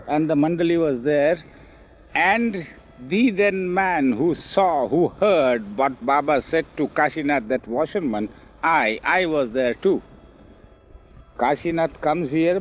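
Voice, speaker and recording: An older man telling memories in an oral history interview, animated and acting out the quoted speech, recorded outdoors on old film. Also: on the high side, measured pace. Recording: dull lo-fi 1970s film audio.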